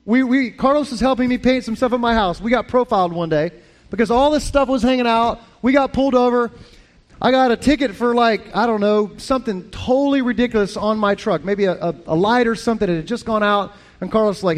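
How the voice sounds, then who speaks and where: A man preaching as a pastor, talking in a lively, conversational way with frequent restarts. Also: sits high, moderate pace. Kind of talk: sermon.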